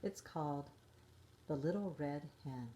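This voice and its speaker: A middle-aged woman reading a storybook to young children in a gentle, expressive way. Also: sits low, unhurried, a little hiss or hum. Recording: roomy echo.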